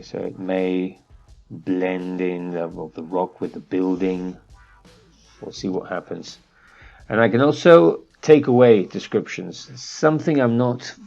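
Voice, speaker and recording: A man teaching an architecture course, walking through a software demo in a relaxed way, thinking aloud with fillers. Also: sits low, gravelly, highs cut off. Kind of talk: screen-share software tutorial.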